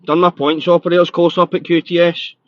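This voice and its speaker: A Scottish man hosting a live podcast in casual chat, excitable and a little nervous, swearing freely. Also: fairly high pitch, fairly quick, dry recording, lo-fi sound. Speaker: podcast host.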